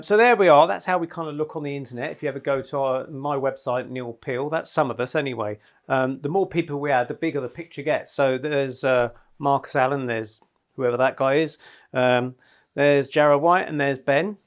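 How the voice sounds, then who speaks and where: A middle-aged man presenting a rambling, chatty talk to a small group in a house. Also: fairly high pitch. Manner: rambling, chatty, with many fillers.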